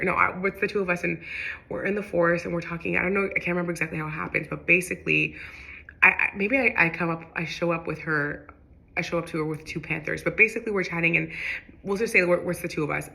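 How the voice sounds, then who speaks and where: A young woman tells a rambling personal story, piling on fillers and restarts as she goes. Her voice sits a bit low but comes out bright and forward, with plenty of gravelly fry. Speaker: spiritual vlogger. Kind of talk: casual storytelling monologue.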